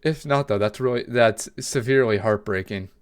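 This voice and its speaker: A man's voice: mid-range voice, normal speed, smooth. A man hosting a reaction video, chatting casually and wondering aloud as he talks. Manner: rambling, self-questioning, chatty.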